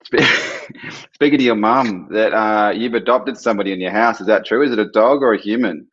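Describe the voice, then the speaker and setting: A man's voice: fairly low pitch, normal speed, a bit bright, husky, dull audio. A man hosting a live stream, chatty, reading out viewer questions.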